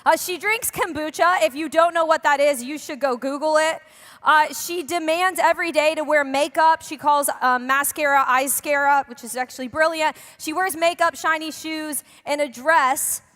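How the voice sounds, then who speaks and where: A woman's voice: sits high, fairly even intonation, moderate pace, a bit bright. A young woman preaching a sermon in a church, chatty and joking with the congregation. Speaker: pastor. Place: church hall. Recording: long hall reverb.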